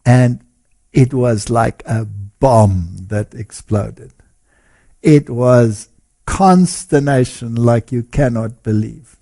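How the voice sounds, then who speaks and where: A man telling a story in an interview as a lecturer, animated and often chuckling as he talks. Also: medium pitch, takes it slowly. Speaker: guest speaker and lecturer.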